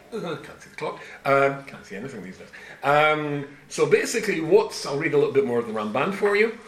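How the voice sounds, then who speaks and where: With a fairly high, fairly bright voice that's sing-song and a little fast, a man in his seventies leads a Torah class full of rhetorical questions and dry humor. The rabbi is recorded in an echoey room with faint ambience.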